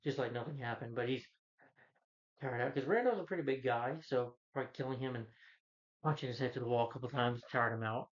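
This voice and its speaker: A man's voice: medium pitch, fairly quick, muffled recording. Rambling man recapping a film. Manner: rambling, filler-heavy retelling with frequent restarts. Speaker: film reviewer. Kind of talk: casual spoken film recap.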